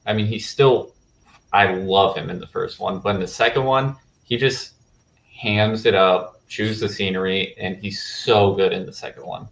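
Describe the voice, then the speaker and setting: Casting: podcast host, lower-voiced man who speaks easily, recorded in a roomy space. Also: normal speed, vocal fry, muffled recording. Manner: relaxed, filler-heavy. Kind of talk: casual film discussion. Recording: echoey room.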